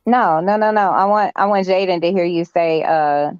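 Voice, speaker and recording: A woman's voice: fairly low pitch, fairly even intonation, normal speed, clear, resonant tone, no room sound, lo-fi sound. A woman from New York teasing playfully as a guest on a live stream.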